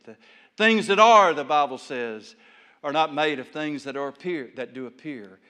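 A man preaching a sermon, telling folksy stories and swinging between loud bursts and hushed lines. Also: fairly high pitch, in a large hall. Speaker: pastor.

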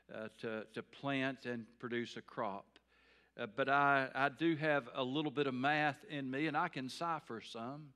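A man's voice: medium pitch, a bit bright. A man preaching a sermon as pastor, folksy and earnest, with repeated phrases and small restarts.

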